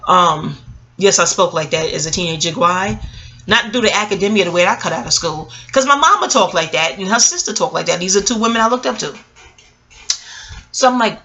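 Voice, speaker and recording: Bright-voiced New woman telling a story. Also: fairly quick. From Queens, New York. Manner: animated, profane, street slang, jumps up in pitch for quoted voices. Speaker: vlogger. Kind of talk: casual storytelling monologue.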